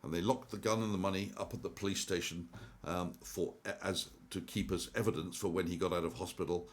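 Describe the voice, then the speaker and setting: Brief: older male commentator, very low voice, meandering storyteller, frequent fillers. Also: steady tone, a little fast. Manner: rambling, with many ums and restarts. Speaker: investment commentator. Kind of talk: casual monologue.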